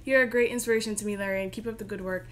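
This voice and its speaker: A woman's voice: mid-range voice, fairly even intonation, racing, fairly bright tone. A young woman hosting a casual live stream from her bedroom, chatty, giggly and self-deprecating. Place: home bedroom.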